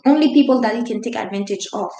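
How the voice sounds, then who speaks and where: A woman's voice: fairly high pitch, fast, dark tone, roomy sound, rough recording. Earnest woman telling a painful story. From Haiti. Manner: earnest, emphatic, with frequent restarts and non-native grammar. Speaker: vlogger. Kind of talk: personal storytelling to camera.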